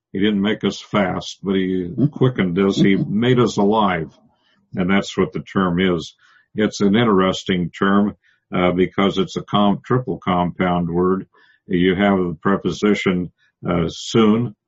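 Halting deep-voiced man teaching scripture. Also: slightly rough, highs cut off. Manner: halting, many restarts and fillers, explains Greek word by word. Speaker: preacher. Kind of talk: verse-by-verse Bible teaching.

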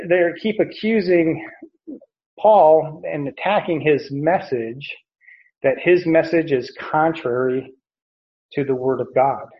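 A man teaching verse by verse through a Bible passage in a conversational, explanatory way, often repeating phrases. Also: fairly high pitch. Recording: dull lo-fi recording.

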